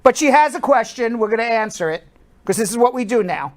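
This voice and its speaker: A woman's voice: a little high, animated, fairly quick. A woman co-hosting a live online show, greeting viewers by name and explaining immigration rules in an upbeat way. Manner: upbeat, calls out viewers' names, explains legal rules at length. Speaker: co-host. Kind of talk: live-stream show, reading viewer names and answering questions.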